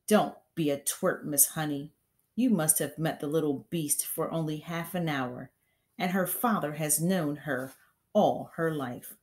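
Woman doing a booming bully headmistress. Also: a little slow. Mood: scornful, bellowing. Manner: loud barking, booming delivery. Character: bullying huge female headmistress, furious and scornful.

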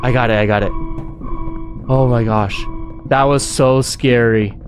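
A man's voice: mid-range voice, fairly even intonation, a little slow, over music. A man streaming himself playing a horror game, talking to himself with panicky yelps and nervous laughs. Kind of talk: let's-play commentary.

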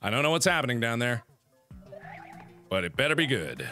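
A young man giving loud, exclamatory gaming commentary, swearing and mocking himself. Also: mid-range voice, sing-song, fairly quick, soft background music. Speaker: gaming video host.

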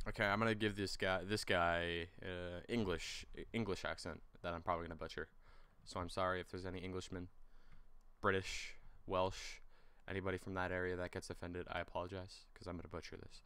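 A man's voice: deep voice, brisk, clear, resonant tone, dry recording. A young man hosting a let's play, commenting casually and swearing as he reads the game aloud. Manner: animated, swearing, reading game lines aloud.

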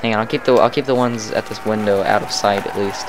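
A man casually commentating a co-op zombie game, chatty and excitable, quick to laugh. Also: lowish voice, background noise. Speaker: gamer narrating a co-op zombie match.

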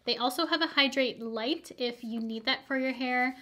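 Chatty, slightly hoarse beauty vlogger woman. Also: sits high, moderate pace, a bit bright. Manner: chatty, upbeat, rambling asides. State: slightly hoarse, losing her voice. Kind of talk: casual product review.

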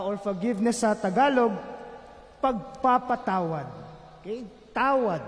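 A Filipino priest reading the Gospel and preaching a homily, moving between English and Tagalog and often checking in with his listeners by asking "okay?". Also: very high-pitched. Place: large church. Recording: echoey church with long reverb.

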